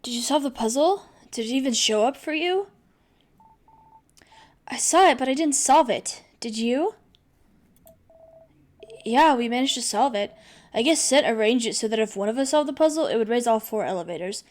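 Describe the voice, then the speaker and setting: Woman reading game contestant, wry, dry humor, fairly high voice. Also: lively intonation, normal speed, long pauses, close to an everyday voice.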